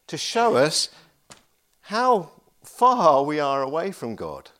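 A pastor delivers a sermon in an energetic, conversational style, breaking off for asides. His voice sits somewhat high for a man and rises and falls a great deal as he stresses his points. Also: slow. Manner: animated, chatty preaching with asides.

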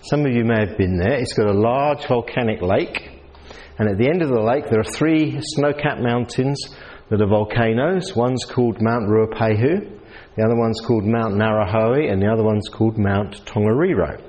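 A man's voice: lowish voice, moderate pace, a little mellow. A man with a New Zealand accent preaching a sermon in a conversational way, asking his audience questions. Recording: reverberant hall.

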